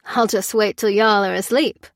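Bitter male medic played by a woman, folksy, sly, voiced up a little loud. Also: high-pitched, steady tone, normal speed, dry recording, clean studio sound.

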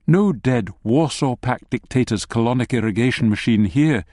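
A man narrating a story in the second person with lively, wry asides, reading from a script. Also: mid-range voice, normal speed, no echo, studio quality. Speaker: audiobook narrator.

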